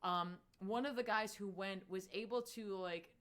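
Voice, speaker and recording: Woman podcast co-host, mid pitch, casual and rambling, lots of fillers, animated rises in pitch. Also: measured pace. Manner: chatty, filler-heavy, lively swings in pitch. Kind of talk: casual chat recapping a comic.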